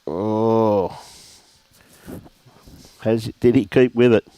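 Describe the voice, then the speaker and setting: Very slowly, in a lowish, clean voice, a middle-aged man with an Australian accent commentates a lawn bowls livestream. The recording is dry and lo-fi, and his chatty, matey style features shout-outs to viewers by name.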